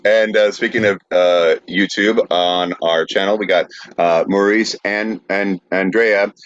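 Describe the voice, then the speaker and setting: A man's voice: low voice, steady tone, a little slow, no room sound, lo-fi sound. A man co-hosting a podcast live stream, talking in an upbeat, teasing way. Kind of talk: casual live-stream chat.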